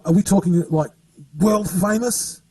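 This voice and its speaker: Rambling man, halting and laughing. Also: high voice, dark tone, husky, no echo, far from the mic, rough recording. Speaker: guest musician. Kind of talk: casual storytelling chat.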